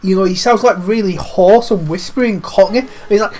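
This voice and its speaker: A man's voice: high voice, brisk, background noise. A man with a cold, giving cheeky, rambling let's-play commentary over a video game. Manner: cheeky, rambling, swears lightly. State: has a cold. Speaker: gaming commentator.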